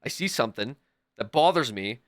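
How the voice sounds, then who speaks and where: A man's voice: medium pitch, lively intonation, brisk, fairly bright tone, no echo, studio quality. A man streaming a game live, talking back to his chat in an exasperated, swearing rant. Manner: frequent swearing. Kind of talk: live gaming stream commentary.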